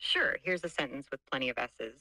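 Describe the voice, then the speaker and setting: A synthetic woman's voice of an AI chat assistant, smooth, upbeat and conversational. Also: very deep voice, expressive, brisk, bright, forceful tone, no room sound, low-quality recording. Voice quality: smooth, upbeat text-to-speech voice.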